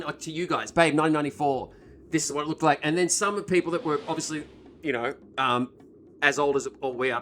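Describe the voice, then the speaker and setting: A man giving casual gameplay commentary as a streamer, excitable and joking, swearing a lot and breaking into loud mock voices. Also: medium pitch, a little hiss or hum. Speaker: let's-play streamer.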